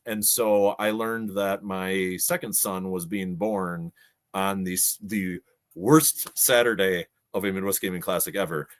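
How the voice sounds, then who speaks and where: Animated man telling stories. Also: low-pitched, unhurried. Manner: animated storyteller, acts out quotes. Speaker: podcast guest, gaming show organizer. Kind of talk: casual storytelling.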